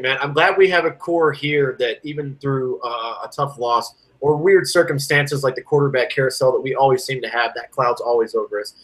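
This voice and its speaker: On poor-quality audio, a male co-host of a sports podcast talks fairly quickly with few pauses. He's casual but ranting, his energy lurching between loud outbursts and low stretches.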